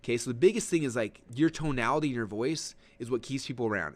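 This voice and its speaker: A man teaching a webinar lesson in an energetic, emphatic, conversational way, leaning forward and gesturing as he talks. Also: medium pitch, fast, hardly any pauses. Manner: conversational with frequent fillers and restarts. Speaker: online marketing instructor.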